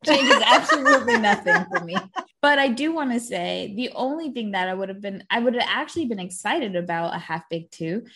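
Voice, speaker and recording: A woman's voice: medium pitch, lively intonation, brisk, very noisy. A woman co-hosting a casual movie podcast, candid and blunt, laughing often and swearing casually. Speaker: podcast co-host. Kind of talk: casual chat.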